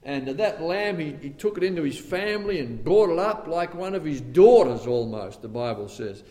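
Man preaching, slightly high voice, loud bursts then hushed lines, long echoing hall. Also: expressive, moderate pace. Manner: dramatic swings from loud outbursts to hushed tones; conversational asides between scripture quotes. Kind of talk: sermon. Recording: long reverb of a large hall.

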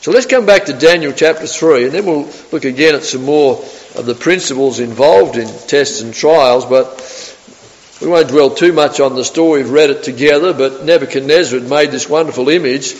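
A man preaching an animated sermon, acting out the story in voices. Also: a little high, normal speed, dull audio. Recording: long reverb of a hall.

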